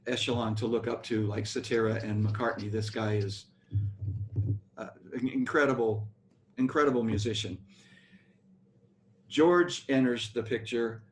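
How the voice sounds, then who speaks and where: An older American man, a bass player, telling rambling stories about his career in an interview. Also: slight background noise. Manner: rambling anecdotal storytelling with restarts. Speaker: guest musician, bass player. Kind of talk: storytelling interview.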